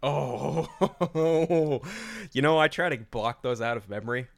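A man in casual podcast chat, venting with plenty of swearing. His voice sits in an ordinary middle pitch and his tone stays exasperated and ranting. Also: expressive, fairly quick, a bit bright. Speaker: podcast co-host.

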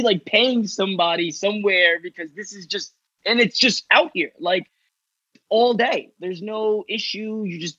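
A man's voice: high-pitched, unhurried, sharp tone, no room sound, muffled recording. A man from Long Island chatting loosely as a podcast guest, rambling with lots of filler and the odd swear word. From Long Island, New York. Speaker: guest, artist. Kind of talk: casual podcast chat.

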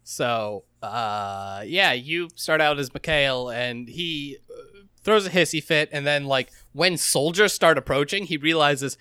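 A man co-hosting a casual gaming podcast, talking in an animated, jokey, mocking way. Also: on the high side, a little slow, clear, resonant tone, no room sound. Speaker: podcast co-host.

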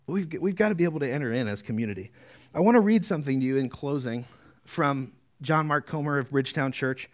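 A man preaching a sermon as pastor, earnest, often adding tag questions, slowing down to read deliberately. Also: mid-range voice, expressive. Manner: earnest, rising to emphatic peaks, slowing to deliberate reading.

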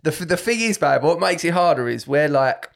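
Sweary London man, bit higher voice. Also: brisk, creaky. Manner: sweary, animated, mimics drunk people. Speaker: podcast co-host and comedian. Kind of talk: casual chat. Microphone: home podcast mic in a garage.

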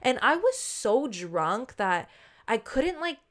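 A woman co-hosting a podcast, telling a story in a lively, swearing manner and acting out what people said. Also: fairly high pitch, slow. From not from Australia. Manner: animated, swears freely, acts out quotes. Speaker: podcast co-host. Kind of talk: casual storytelling chat.

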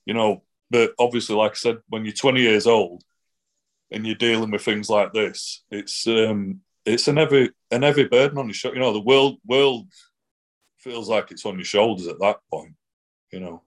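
A man's voice: fairly low pitch, moderate pace. Blunt rambling man. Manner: rambling, many restarts and fillers, blunt swearing. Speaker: guest. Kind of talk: casual interview, personal account.

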